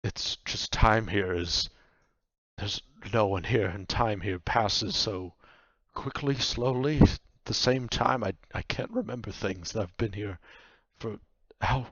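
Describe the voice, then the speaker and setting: A man's voice: fairly low pitch, takes it slowly, fairly bright tone, no echo, full character voice. A man voicing a remorseful male nightmare spirit living in a cloak, who stammers and apologizes, on a dull, dry, lo-fi recording.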